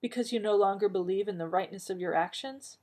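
A woman reading aloud, voicing a calm woman diplomat who asks soft, gentle questions. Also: mid-range voice, moderate pace, voice pushed up, lightly acted.

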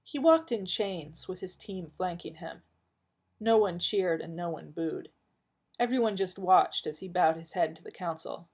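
Husky woman narrating a story. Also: lowish voice, lively intonation, a little slow, a little mellow. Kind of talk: audiobook narration of fan fiction.

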